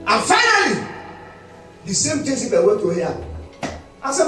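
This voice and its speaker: A man preaching a sermon as pastor, emphatic, breaking into shouts and sung phrases, recorded in a church hall during a live service. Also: very high-pitched, wildly swooping pitch, normal speed, pauses often. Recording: echoey hall, distant mic, faint music.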